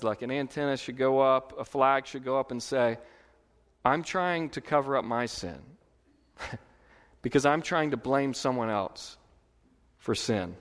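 A man preaching a sermon as pastor, in a conversational, lively way with emphatic repetition. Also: mid-range voice. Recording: long hall reverb.

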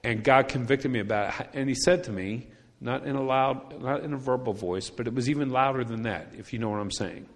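A male pastor delivers a sermon in a relaxed storytelling voice, pitched right in the middle of the male range. He hammers his points home by repeating them. The recording carries the long, ringing reverb of a church sanctuary. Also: fairly quick. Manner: conversational storytelling preaching with emphatic repetition.

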